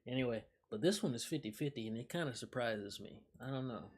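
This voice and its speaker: A man's voice: medium pitch, lively intonation, fast, darkish tone. A young man streaming live, chatting loosely with his viewers, swearing and laughing as he reacts. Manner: loose, profane, reacting aloud with frequent laughs. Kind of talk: casual live-stream chat.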